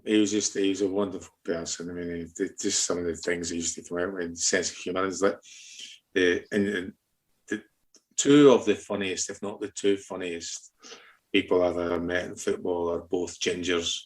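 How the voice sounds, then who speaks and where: A man hosting a podcast, reminiscing fondly in casual chat, speaking in halting phrases. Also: sits low, flat delivery. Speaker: podcast host.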